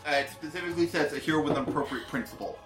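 A man's voice: a little high, rapid-fire, fairly bright tone. A man running a tabletop game, explaining rules and reading them out with fillers. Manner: reads rules aloud, hesitant fillers. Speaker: game master. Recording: echoey room, faint music.

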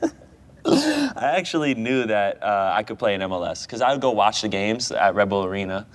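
A man's voice: fairly low pitch, big pitch swings, fairly quick. A man from the United States, a guest in his thirties, chatting casually and telling stories with frequent laughs. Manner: chatty storyteller, laughs often. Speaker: guest goalkeeper. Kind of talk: casual chat.

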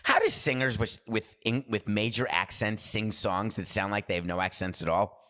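Rambling low-voiced male podcast host. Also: moderate pace, sharp tone. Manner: rambling, prone to digressions; chatty, asks rhetorical questions. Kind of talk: casual monologue.

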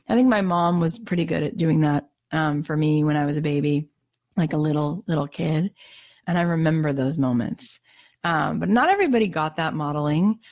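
A woman with a lowish voice gives an earnest mindfulness talk. She talks in an animated way and acts out the people she quotes. The sound is dry and close. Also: dry recording. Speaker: self-help speaker.

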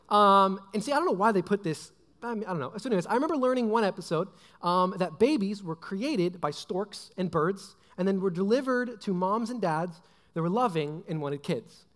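Young guy pastor rambling thru a jokey sermon, high voice, lots of ums, big hall echo. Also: pushed and bright. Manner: rambling, joking, full of fillers and asides. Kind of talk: casual sermon. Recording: long hall reverb.

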